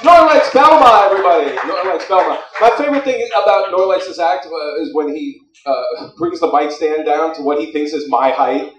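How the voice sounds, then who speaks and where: A man's voice: fairly high pitch, moderate pace, few pauses. A man hosting a comedy show, hyping the crowd and introducing the acts. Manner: upbeat crowd hype. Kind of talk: emceeing. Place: comedy club stage. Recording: roomy club sound from a distance.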